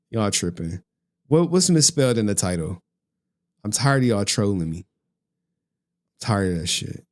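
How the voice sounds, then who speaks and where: A man doing a live stream and talking casually to his chat, profane, chatty and exasperated. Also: mid-range voice.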